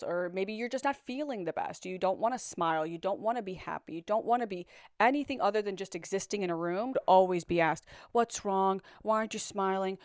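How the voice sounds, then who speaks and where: Candid woman telling her own story, low smooth voice. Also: dry recording, studio quality. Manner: candid, reflective, repeats words when searching for them. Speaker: survivor sharing her story. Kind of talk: personal storytelling.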